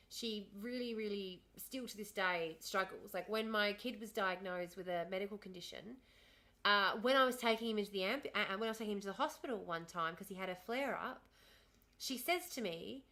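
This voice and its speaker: A woman's voice: medium pitch, fairly bright tone. A woman in her thirties with an Australian accent, chatting casually with viewers on her livestream. She rambles, answers the chat and laughs often. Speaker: livestream host.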